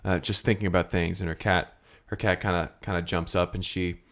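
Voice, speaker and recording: A man's voice: low-pitched, flat delivery, a little fast, gravelly, a bit bright. A young man co-hosting an improvised comedy podcast, telling the story with many restarts and playful put-on voices. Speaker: podcast co-host.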